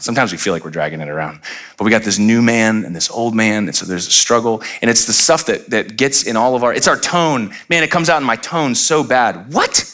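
A man's voice: on the low side, a little fast, fairly bright tone. A middle-aged man preaching a sermon as pastor, conversational and playful, acting out little quoted voices.

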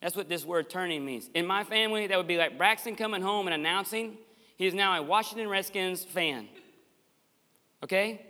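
Passionate pastor with a bright, forceful voice. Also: male voice, high voice, normal speed. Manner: passionate, emphatic preaching with folksy asides. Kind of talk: sermon. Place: church sanctuary. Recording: long echoey church hall reverb.

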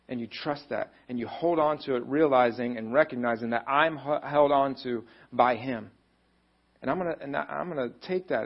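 A man's voice: medium pitch, highs cut off. A man pastor giving a conversational, encouraging sermon, often acting out what people think and say. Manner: conversational, encouraging, acts out quoted thoughts.

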